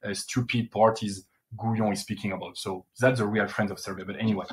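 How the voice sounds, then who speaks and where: A man's voice: on the low side, fairly even intonation, a little fast. A man from Brittany speaking English, answering interview questions in an earnest, insistent way. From Brittany, France. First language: French. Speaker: guest.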